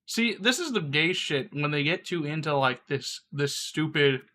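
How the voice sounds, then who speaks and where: A man chatting on a live stream while sick, his voice bright and sharp. He rambles crudely and breaks into frequent laughter. A faint noise sits underneath his voice. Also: fairly high pitch, lively intonation, moderate pace. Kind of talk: casual live stream chat.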